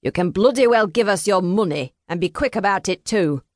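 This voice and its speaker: A woman narrator voicing a gruff, threatening male trickster who holds a pistol, in an audiobook. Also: mid-range voice, expressive, normal speed, dry recording, studio quality, voice pushed up, lightly acted. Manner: gruff, demanding. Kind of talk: audiobook character voice.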